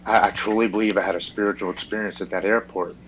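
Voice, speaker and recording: A man with a fairly low voice tells his personal story frankly on a podcast. He swears freely and acts out what the other people in his story said. A faint hum sits under the recording. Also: fairly even intonation, quick pace, a bit bright, poor audio. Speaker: podcast guest.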